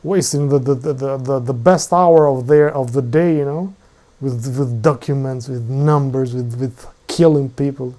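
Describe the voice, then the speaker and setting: A man hosting a live stream and commenting on a video, halting with many fillers and restarts, mocking the people in it. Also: mid-range voice, dark tone. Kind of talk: casual commentary.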